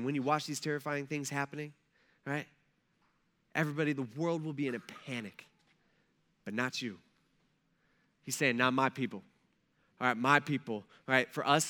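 A man preaching a sermon in a casual, animated way, swinging between soft asides and loud emphasis, often checking in with "right?". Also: mid-range voice. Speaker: pastor.

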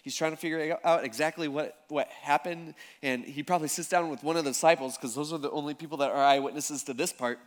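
A male pastor preaching a conversational sermon to a church congregation, telling the story in a casual, animated way with lots of fillers. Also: on the high side, fast talker, few pauses. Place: church service before a congregation.

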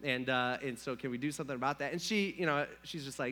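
A man's voice: mid-range voice, fast, bright, forceful tone. A man preaching a sermon in a casual, storytelling way, full of fillers and acted-out quotes. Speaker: pastor.

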